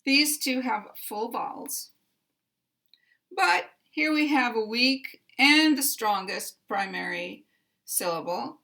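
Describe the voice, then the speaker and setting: A middle-aged American woman gives a pronunciation lesson at a very unhurried pace. Her voice is bright and clear-edged. She enunciates with care and says each example word twice. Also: a little high, animated. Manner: deliberate, carefully enunciated, repeats example words. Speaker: pronunciation teacher. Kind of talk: slow instructional explanation.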